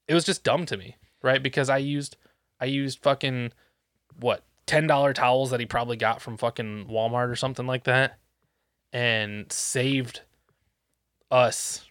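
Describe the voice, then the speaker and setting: A man's voice: mid-range voice, fairly bright tone, no echo, clean studio sound. A man telling a work story in casual chat, ranting and swearing with exasperation.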